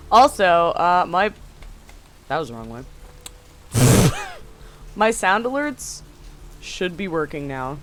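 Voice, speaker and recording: Live game streamer, casual commentary, very animated pitch, foul-mouthed and easily riled, faint noise behind. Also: takes it slowly, pauses often. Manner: excitable, swears often, yells at enemies; chatty asides to viewers.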